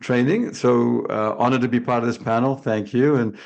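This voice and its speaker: A man's voice: mid-range voice, fairly even intonation, moderate pace, gravelly, a little mellow, dull audio. A man speaking as a sales coach on a video panel, chatty and jokey with many restarts. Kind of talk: casual panel chat.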